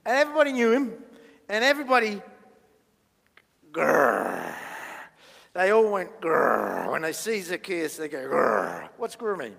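Talking fast in a high, fairly bright voice, this minister gives a children's talk in church. He jokes, chats, and quizzes his listeners as he draws, all echoing with long church-hall reverb.

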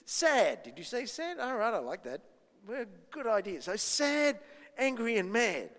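A man's voice: very high voice, big pitch swings, measured pace, fairly bright tone, in a large hall. A man giving a playful children's talk at church, asking the kids lots of questions. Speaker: children's minister.

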